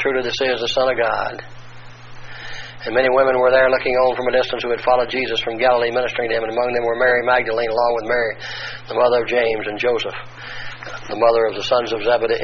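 Male preacher, even steady delivery, dull lo-fi radio sound, sermon reading. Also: medium pitch, slight background noise. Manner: reads passages then explains, corrects himself. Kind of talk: sermon reading scripture aloud.

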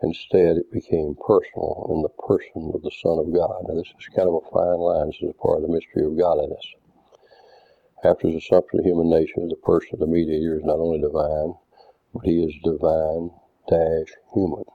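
Male preacher, deliberate teaching sermon with scripture readouts; deep bass, dry and lo-fi like a phone line. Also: level tone, gravelly, no echo. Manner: deliberate, didactic, reads verses aloud. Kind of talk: doctrinal sermon with scripture readings. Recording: tinny phone-like dry sound.

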